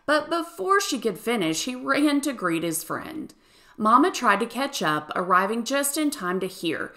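A woman teacher reading a children's picture book aloud in an expressive storytelling manner. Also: on the high side, unhurried. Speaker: third grade teacher.

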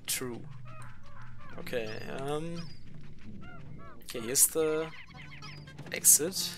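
A man's voice: on the high side, very slow, over music. A man streaming a video game, chatting casually, swearing freely and laughing often. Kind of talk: casual gameplay commentary.

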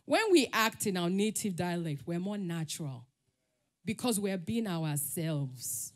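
On a summit stage, a woman with a Nigerian accent gives a conference talk built around personal stories. Her voice is lowish with lively intonation and an unhurried pace, and she laughs often while acting out the voices of the people she quotes.

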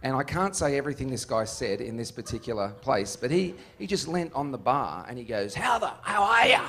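A man, a musician being interviewed. He tells stories in an animated, joking way and laughs often. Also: mid-range voice, fairly quick. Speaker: musician guest. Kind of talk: casual interview storytelling.

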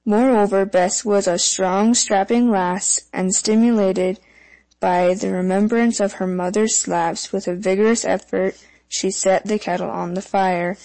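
Dark-toned woman reading fairy tales. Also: medium pitch, steady tone, unhurried, low-quality recording. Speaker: audiobook narrator. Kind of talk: fairy tale audiobook narration.

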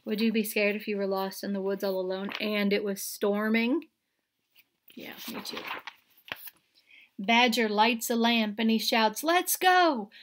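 A kindergarten teacher reads a picture book aloud to young children, full of expression, dropping to a hush at the scary parts and asking her listeners questions. Her voice is mid-range, her pace normal with few pauses, and the background is noisy.

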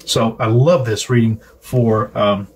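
A man giving a casual tarot reading to camera, halting now and then and chatting with his viewers. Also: medium pitch, fairly even intonation, slight background noise. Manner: halting, frequent fillers and restarts; chatty, asks viewers to comment. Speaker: tarot reader.

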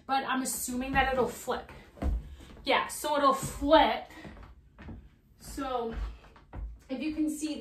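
Giggly excitable woman in an echoey room. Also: high-pitched, slight background noise. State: out of breath. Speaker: fashion vlogger. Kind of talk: casual product review.

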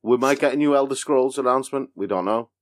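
A man's voice: mid-range voice, quick pace. A man co-hosting a casual podcast, playful and mock-dramatic. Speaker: podcast producer and co-host. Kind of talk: casual chat.

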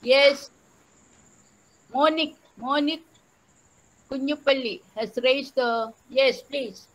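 A woman with an Indian English accent giving an online lecture, telling a story slowly and putting questions to her audience. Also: high-pitched, poor audio. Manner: measured, repeats phrases, asks the audience questions. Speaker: teacher educator giving an online talk.

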